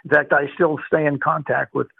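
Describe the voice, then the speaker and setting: In an oral history interview, a retired Bostonian in his later years tells his life story with warmth, wandering off with plenty of fillers and false starts. His voice sits on the high side, level and a little quick, creaky and slightly rough. The recording is dry and phone-like, with no room sound.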